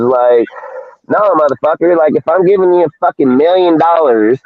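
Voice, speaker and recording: A man's voice: fairly high pitch, normal speed, dry recording. A man hosting a casual sports talk show, ranting heatedly with a lot of swearing. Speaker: podcast host. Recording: dry tinny phone-like audio.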